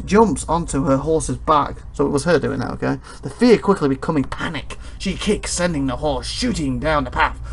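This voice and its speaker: A tired, yawning let's play host reads a game's text aloud in a fairly high, creaky male voice. Between the read-out passages he rambles and slips in chuckling asides.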